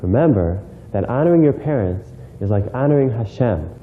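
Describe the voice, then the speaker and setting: A man delivers a short prepared message in an earnest, recited way. His voice sits low. The sound is tinny and phone-like, with faint noise. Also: lively intonation, normal speed. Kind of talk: read-out message.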